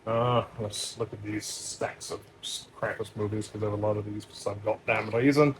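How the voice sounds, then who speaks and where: A man running casually through a stack of movies as a store owner, loose and profane, with many fillers and sudden louder bursts on each title. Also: on the low side, flat delivery, moderate pace, a little hiss or hum.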